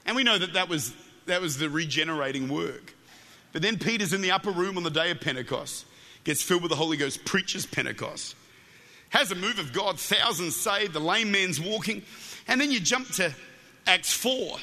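A man's voice: high voice, moderate pace, big-room sound. A man with an Australian accent preaching a Pentecostal sermon, telling stories with jokes and often repeating his words as he goes. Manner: animated storytelling with jokes, stumbles and repeats words. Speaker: guest preacher.

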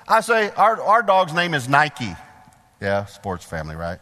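A middle-aged male preacher giving a sermon in a church, folksy and animated, putting questions to the congregation. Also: on the high side, measured pace. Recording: long hall reverb.

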